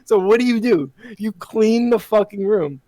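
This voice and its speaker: A man's voice: high-pitched, expressive, normal speed, warm tone. A man co-hosting a live stream, reacting bluntly to a TV show and swearing freely. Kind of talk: casual live-stream chat.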